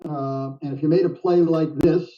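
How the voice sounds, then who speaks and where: An older man giving live game commentary in a chatty, jokey way, quick to laugh. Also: on the high side, steady tone. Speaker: backgammon commentator. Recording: dull, distant sound.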